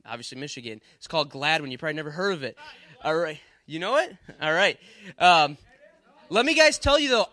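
A man's voice: high voice, sharp tone, no echo. A man from Wisconsin preaching to a live audience, telling a chatty comic story before turning earnest. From Wisconsin, USA.

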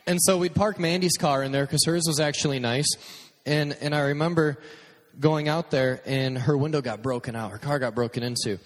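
A man's voice: on the high side, steady tone, normal speed. A man preaching a casual storytelling sermon as pastor, joking and acting out his own stories. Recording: long hall reverb.

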